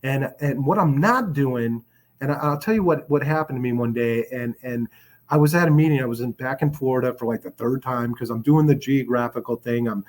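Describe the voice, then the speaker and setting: A man from Chicago telling his recovery story in a casual, rambling way, with many restarts and fillers. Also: mid-range voice.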